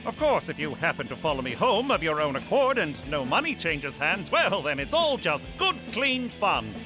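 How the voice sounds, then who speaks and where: A smug, lecherous federal agent lays down the law then winks at breaking it. His fairly high voice bounces with self-satisfied lilts over clear background music. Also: big pitch swings, moderate pace. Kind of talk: animated cartoon voice acting.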